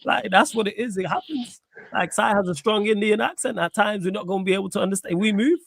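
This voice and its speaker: A young man with a Manchester accent hosting a casual chat, slangy, teasing and quick to swear. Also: high voice, creaky, fairly bright tone, no echo. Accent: Mancunian. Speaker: host.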